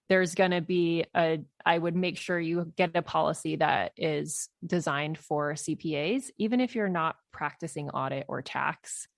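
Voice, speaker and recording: Woman podcast host in her thirties, lowish voice, close dry mic, relaxed advisory chat. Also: dry recording. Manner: conversational, laughs often, advisory. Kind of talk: casual Q&A podcast advice.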